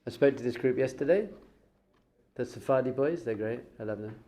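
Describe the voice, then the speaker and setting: A man teaching as a rabbi in a lively class for young students, telling stories with acted-out exclamations and frequent laughs. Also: mid-range voice, brisk. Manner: animated storytelling, acts out quotes with exclamations; chatty, laughs often.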